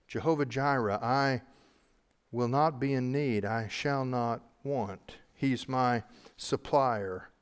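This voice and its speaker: A male pastor delivers a Bible-teaching sermon at a mid-range pitch, his voice trailing long reverb through a large hall. He talks earnestly, spells out names letter by letter, and moves between rising emphasis and hushed, slowed phrases. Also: clear, resonant tone.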